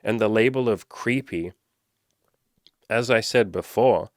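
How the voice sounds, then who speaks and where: Earnest low-voiced man coaching viewers. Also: unhurried, dry recording, clean studio sound. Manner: earnest and encouraging, repeats himself, swears casually. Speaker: dating coach. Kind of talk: casual monologue to viewers.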